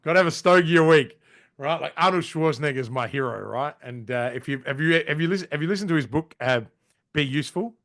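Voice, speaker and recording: A man in his forties, a podcast guest telling stories in casual chat, animated, swearing casually and saying "mate" and "right?". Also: on the high side, fast, creaky. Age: 40s.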